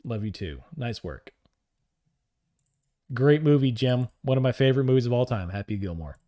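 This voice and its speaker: A man's voice: mid-range voice, animated, normal speed, mellow. A man on a live trading stream, calling out prices, coaxing the market and joking with chat. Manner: talks to the market and reads chat aloud, joking and upbeat.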